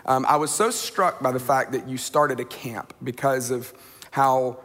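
A man's voice: medium pitch, steady tone, measured pace, a bit bright. A man hosts a conversation and encourages his guests to tell their story. His voice sits mid-range, and the room lends it a long reverb. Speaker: host. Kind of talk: hosting conversation.

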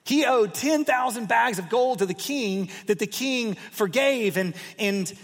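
Man preaching, husky, fairly high voice, animated retelling, long hall reverb. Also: measured pace. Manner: animated storytelling with emphatic repetitions. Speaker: pastor. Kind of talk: sermon.

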